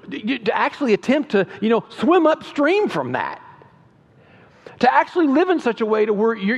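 A man's voice: sits high, creaky. A man preaching a sermon as pastor, in a conversational style with emphatic rises and frequent restarts. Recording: dull lo-fi sound with long hall reverb.

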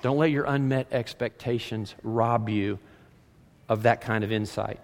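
A man preaching a sermon as pastor, reading scripture aloud and swinging from loud emphasis to hushed lines. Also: mid-range voice, unhurried. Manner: animated preaching, reads scripture aloud, rises and drops dramatically. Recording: long hall reverb.

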